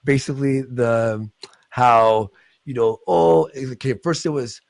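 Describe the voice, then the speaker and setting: Excitable man ranting on a livestream. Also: mid-range voice, slow, creaky, no room sound. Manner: rambling, profane, excitable ranting. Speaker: livestream host. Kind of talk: casual livestream chat.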